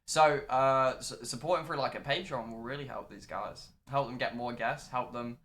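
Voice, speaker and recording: A man with a bright, forward voice rambles along in loose casual chat. He swears freely and keeps a middle pitch. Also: moderate pace. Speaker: guest. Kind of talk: casual chat on a drinking stream.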